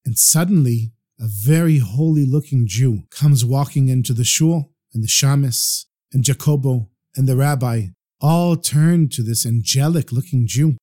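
A man telling a story aloud in a lively, animated way. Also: medium pitch. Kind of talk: oral storytelling.

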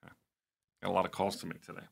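A man co-hosting a podcast, chatting casually and telling lively anecdotes. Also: low-pitched, very fast, creaky. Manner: animated storyteller who acts out quoted lines. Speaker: podcast co-host. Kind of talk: casual chat.

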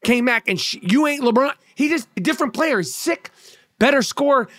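A man's voice: extremely high pitch, lively intonation, brisk, fairly bright tone, dry recording, clean studio sound. A male comedian delivering a heated, profane sports rant, blunt and sarcastic, stumbling over repeated words.

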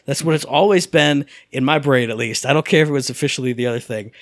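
A middle-aged man talks through a gaming podcast in a rambling, self-amused way, circling back and restarting as he goes. His voice sits at an ordinary pitch for a man, and it is recorded dry and close, with no room sound. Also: quick pace, no echo. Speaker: podcast co-host. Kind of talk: casual gaming podcast chat.

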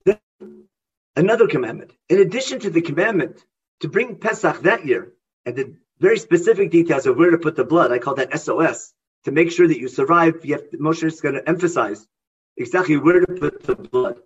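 A man's voice: on the high side, expressive, brisk, dull audio. A man teaching a Bible class who reads out Hebrew verses and then explains them with emphasis. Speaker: Torah teacher.

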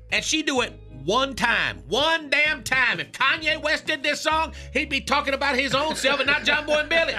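A man's voice: extremely high pitch, pushed and bright, full character voice. A man playing a crude, boastful radio character who invents long words and laughs through his lines on a morning comedy show, with music underneath.

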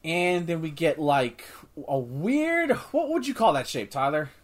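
Excitable rambling man reviewing a movie. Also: a little high, measured pace. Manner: rambling, excitable, swears freely, many restarts. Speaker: podcast host. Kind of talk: casual movie review chat.

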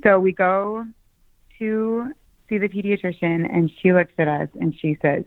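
A woman guest telling a personal story on a podcast, lively and excited as she recounts it. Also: mid-range voice, unhurried, dry recording. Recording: dry tinny phone-like sound.

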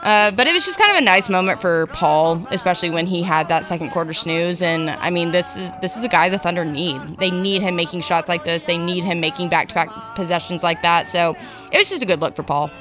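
A woman's voice: lowish voice, a little fast, music in the background. A woman co-hosting a sports podcast, chatting casually about basketball, hedging often with fillers.

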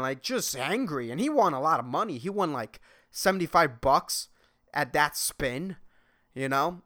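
Animated, profane podcaster. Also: male voice, high-pitched. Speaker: podcast host. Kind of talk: solo rambling podcast monologue.

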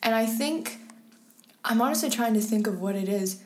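A woman's voice: fairly high pitch, expressive, normal speed, a little mellow. A young woman, a guest in an interview, telling personal stories in a chatty, candid way with many fillers. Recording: roomy echo.

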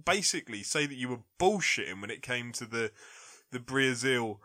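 A man's voice: mid-range voice, fairly quick. Blunt man ranting about boxing. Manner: blunt, animated ranting with frequent "like". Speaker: boxing pundit. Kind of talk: casual podcast debate.

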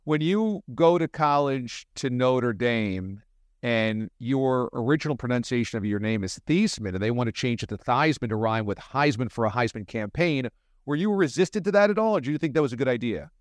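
A man's voice: medium pitch, expressive, moderate pace, dry recording, studio quality. A man hosting an interview, asking curious, conversational questions. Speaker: podcast interviewer.

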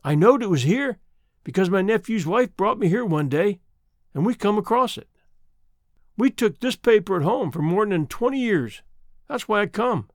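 A woman's voice: mid-range voice, lively intonation, normal speed, no echo, voice pushed up, lightly acted. A man voicing a timid old countrywoman who is going blind, with rustic folksy speech, tremulous and close to tears. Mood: wistful. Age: older.

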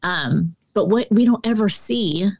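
This woman's voice sits in the mid range, expressive and a touch mellow, moving at a measured pace. As an author and speaker appearing on an interview podcast, she tells earnest stories packed with fillers during the conversation.

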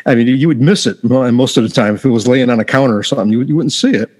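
A man's voice: mid-range voice, racing, a little mellow. A man on a faith talk show, earnestly encouraging listeners and quoting scripture. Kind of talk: conversational Bible teaching.

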